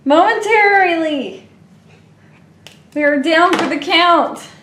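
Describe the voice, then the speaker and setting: A woman's voice: very high voice, slow pace, fairly bright tone, echoey room, slight background noise. A woman unboxing toys on her own channel, gushing and playful, squealing with delight at each surprise. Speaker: toy unboxing vlogger. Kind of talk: excited toy unboxing chatter.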